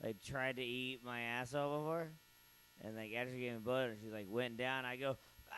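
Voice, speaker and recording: A man hosting a comedy night, telling crude rambling stories and introducing the comics, jumping up in pitch for punchlines. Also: fairly even intonation, moderate pace, fairly bright tone, slight background noise, low-quality recording. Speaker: comedy show host. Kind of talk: stand-up hosting.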